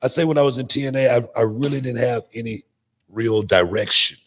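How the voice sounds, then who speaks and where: A man guesting on a talk show, telling animated stories and often repeating words as he goes. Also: medium pitch, fairly quick. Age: older. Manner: animated, repeats words, laughs mid-sentence. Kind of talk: casual interview storytelling.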